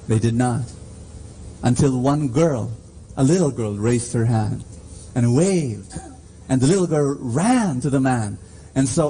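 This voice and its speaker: A man preaching a sermon in a church, slow and emphatic, calling to the congregation for responses. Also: mid-range voice, mellow.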